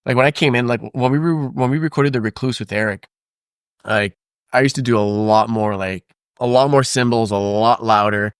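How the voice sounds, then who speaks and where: A man who plays drums chats casually as a guest on a podcast, speaking at a normal pace in a mid-range voice. He rambles in a relaxed way, packing in fillers and restarting sentences often. The sound is clean and studio-quality, with no echo.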